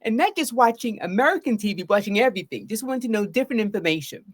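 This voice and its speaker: A woman's voice: mid-range voice, expressive, fast talker. A middle-aged woman therapist giving a live solo talk about trauma. She speaks earnestly and often checks in with "right?".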